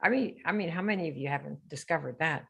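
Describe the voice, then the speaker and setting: A woman's voice: low voice, quick pace, creaky, fairly bright tone, breathy edge. Brash woman coaching live on stream. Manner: brash, teasing, quizzes the audience. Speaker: host of a live sales training stream.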